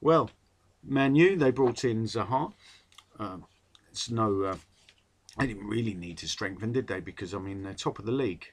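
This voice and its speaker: A man's voice: on the low side, normal speed, pauses often, husky. A man rambling wryly through a casual solo football podcast as its host. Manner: chatty, rambling, wry.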